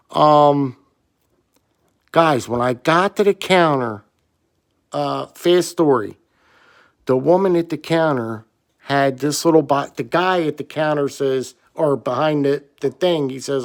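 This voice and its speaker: A man telling a rambling, excitable story about buying a flashlight. He sounds slightly hoarse and repeats himself often. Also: on the high side, a little slow. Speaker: gear reviewer. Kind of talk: casual storytelling vlog.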